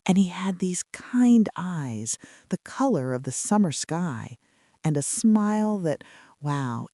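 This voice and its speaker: A woman narrating a bedtime story in a soft, chatty way with casual fillers. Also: lowish voice, dry recording, studio quality.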